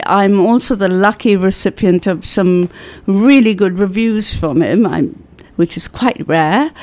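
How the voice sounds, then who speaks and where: Slow, theatrical middle-aged woman storyteller. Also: mid-range voice, darkish tone. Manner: theatrical, self-deprecating storyteller. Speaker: theater producer and actor, guest. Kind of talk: casual interview chat.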